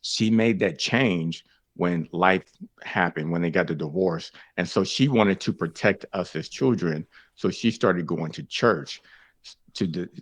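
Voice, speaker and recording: A man's voice: measured pace, no room sound. A man telling his faith story as a guest, calling the listeners fellas and folks and acting out the conversations he tells. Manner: acts out dialogue with big jumps in pitch. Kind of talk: animated storytelling.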